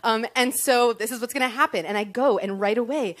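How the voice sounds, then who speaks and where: A woman's voice: a little high, brisk. A young woman telling a comic personal story on stage to an audience, self-deprecating and full of ums.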